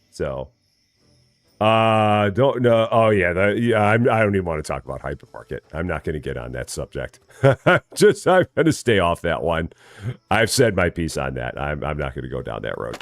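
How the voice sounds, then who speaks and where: Deep-voiced chatty man streaming a game. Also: sing-song, moderate pace, dry recording. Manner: chatty, greets viewers by name, repeats himself. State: still waking up, early morning. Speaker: live streamer playing a farming game. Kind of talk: casual live-stream commentary.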